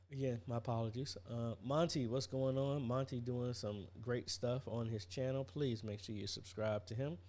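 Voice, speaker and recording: A man's voice: medium pitch, steady tone, moderate pace, hardly any pauses, darkish tone. A tired man hosting a casual live stream, chatting and greeting viewers by name with lots of fillers. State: tired, yawning. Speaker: livestream host. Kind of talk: casual livestream chat.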